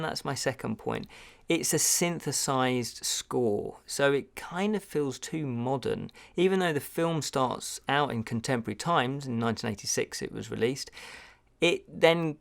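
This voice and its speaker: A man's voice: mid-range voice, vocal fry, a bit bright. A man giving a casual film review, chatty and digressive with wry asides.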